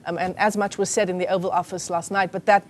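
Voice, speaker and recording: A woman's voice: on the low side, flat delivery, fast. A woman from South Africa, a news anchor, questioning a guest in a conversational, somewhat hesitant manner with repeated words. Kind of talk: live news interview.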